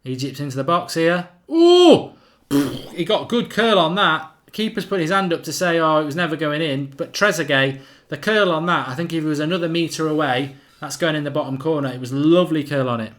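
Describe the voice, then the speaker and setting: A man's voice: fairly high pitch, brisk, a bit bright. A man hosting a live football watchalong, chatting casually and reading out viewer comments. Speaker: watchalong host.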